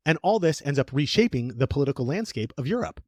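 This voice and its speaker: A man co-hosting a casual podcast, telling history as jokey, animated stories. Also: a little high, fast, no room sound, clean studio sound. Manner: jokey, animated storytelling with playful put-on voices. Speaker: podcast co-host.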